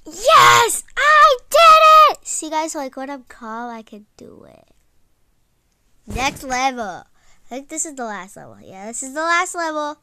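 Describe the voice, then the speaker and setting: Bright, lively female gamer voice. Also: high voice, normal speed, slight background noise, rough recording. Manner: stressed, exclaiming, says "like" a lot. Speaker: gaming channel host. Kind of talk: casual gameplay commentary.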